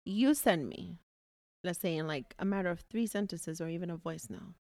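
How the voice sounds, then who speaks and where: A woman's voice: fairly low pitch, moderate pace, a little mellow, no echo. A young woman co-hosting a podcast, talking frankly and swearing freely in casual chat. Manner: frank, profane, laughing. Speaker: podcast co-host.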